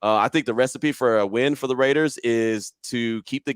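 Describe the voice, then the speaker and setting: A man's voice: medium pitch, moderate pace, clean tone, dry recording. A man in an interview, casually telling a story and acting out his own quotes with animation. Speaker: podcast guest, sports radio host.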